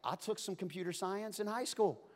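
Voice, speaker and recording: An easygoing, capable young servant who talks with casual confidence, as a preacher puts him on. The voice sits fairly high. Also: male voice, moderate pace, close to an everyday voice.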